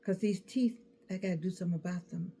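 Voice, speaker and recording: Animated woman in her sixties. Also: fairly low pitch, quick pace, a little hiss or hum. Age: 60s. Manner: animated, repeats words, bursts into laughter. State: toothache. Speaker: speaker addressing an audience. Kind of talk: casual motivational talk.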